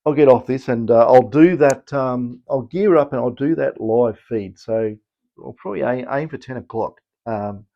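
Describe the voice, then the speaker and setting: In a lo-fi recording, a channel host from Australia walks through electronics repairs, his talk loose and full of fillers and false starts. He's a technician with a mid-range voice speaking at a normal speed.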